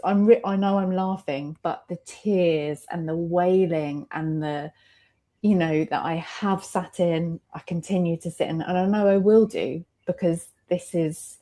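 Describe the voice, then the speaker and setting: A woman's voice: lowish voice, takes it slowly, dark tone. A mother in a candid roundtable conversation, speaking reflectively and emotionally, often laughing between her thoughts.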